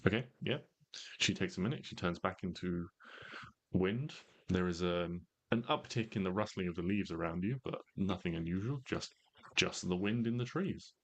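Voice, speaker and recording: A man serving as game master, narrating a tabletop game in a measured way with frequent ums and pauses. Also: deep voice.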